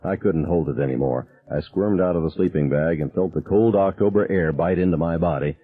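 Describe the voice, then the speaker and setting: Deep, husky male audiobook narrator. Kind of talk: first-person novel reading. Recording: tinny, phone-like narrow sound.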